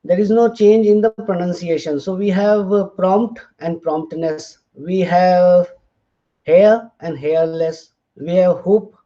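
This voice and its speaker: Guy lecturing slowly, spells stuff out letter by letter, kinda high but mellow voice, dull lo-fi audio. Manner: slow, deliberate, spells out letters, frequent "fine" and "uh". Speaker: linguistics lecturer. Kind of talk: lecture explaining examples.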